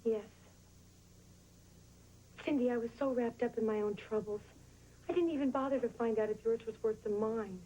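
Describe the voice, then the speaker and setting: A woman's voice: on the high side, moderate pace, pauses often, warm tone, dull audio, slight background noise, natural voice. An actress playing a chatty, earnest woman sharing a hospital room. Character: warm talkative woman patient named Dot. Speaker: actor. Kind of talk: sitcom drama acting.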